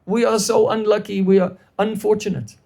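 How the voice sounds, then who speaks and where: A man's voice: sits high, flat delivery, normal speed, gravelly, darkish tone, pitched above the performer's own voice. A man voicing an anxious, loyal young woman in a devotional story, speaking in worried, pleading tones. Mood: distressed.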